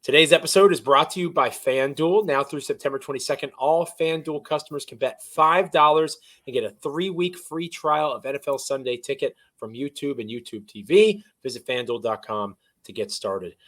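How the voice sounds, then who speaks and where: A man's voice: mid-range voice, moderate pace, hardly any pauses, fairly bright tone. A man co-hosting a sports podcast, chatty and self-deprecating as he runs through the show's intro and the news. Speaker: podcast co-host.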